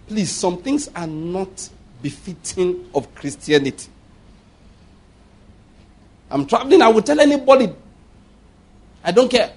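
A Nigerian-accented man preaching with a high, husky voice that swings widely in pitch. He mixes playful storytelling with firm, preacherly declarations. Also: expressive, measured pace, pauses often. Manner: humorous, storytelling, laughs often. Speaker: pastor. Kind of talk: sermon.

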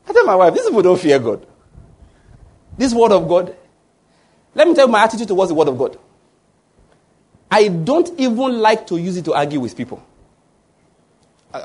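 A man's voice: high-pitched, a little mellow, husky. A man preaching a sermon, emphatic and often restarting his words while asking the congregation to fill in the answers. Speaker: pastor.

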